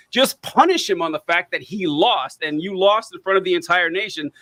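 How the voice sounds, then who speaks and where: Bright-voiced excitable man chatting. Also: high-pitched, normal speed, few pauses, no room sound. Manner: excitable, laughs between remarks. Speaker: livestream co-host. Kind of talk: casual political debate chat.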